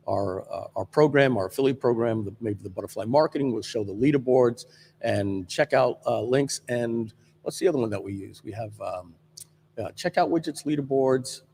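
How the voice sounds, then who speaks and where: A man hosting a live software stream from a studio, talking casually with lots of fillers and restarts. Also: lowish voice, long reverb tail, slight background noise. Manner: rambling with many fillers and restarts. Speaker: livestream host.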